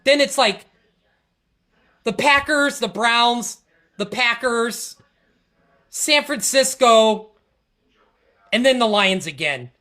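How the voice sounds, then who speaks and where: Fired-up high-voiced woman ranting. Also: lively intonation, slow, pauses often, a bit bright. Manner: frustrated, rambling, restarts and stammers. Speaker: podcast host. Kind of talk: casual sports rant.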